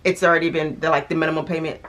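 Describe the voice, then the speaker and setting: Her low voice is steady in tone, a bit bright, and very fast. This budgeting vlogger talks casually to camera about clearing her debt, thinking aloud with restarts, little laughs, and a touch of hiccups.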